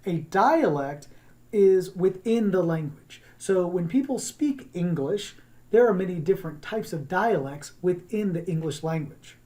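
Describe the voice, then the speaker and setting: A drama teacher from the Southern United States gives a recorded online class in a mid-range, expressive, warm voice. She's chatty, wanders into asides, and drops into quick accent demos.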